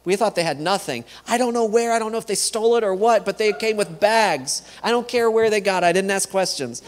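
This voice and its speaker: Earnest guy giving a church talk, kinda high voice, repeats words a lot, big echoey hall. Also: brisk. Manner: earnest, repeats words, acts out quoted dialogue. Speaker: missionary speaker.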